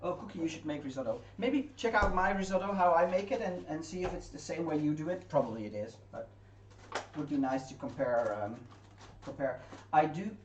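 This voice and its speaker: A woman's voice: deep voice, fairly quick, a little mellow, muffled recording, a little hiss or hum. A woman co-hosting a livestream, chatting casually and reading chat aloud while she cooks in a home kitchen. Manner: chatty, reads chat aloud, laughs easily. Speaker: livestream co-host. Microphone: distant room mic. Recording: echoey kitchen from far off, clattering pans.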